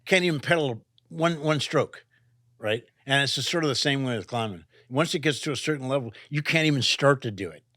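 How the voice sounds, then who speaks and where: A man's voice: medium pitch, brisk, sharp tone, no room sound, studio quality. An older man, a climber and author, talking casually in an interview, rambling with restarts and asking "right?" a lot. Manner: rambling, restarts, frequent "right?" and "you know".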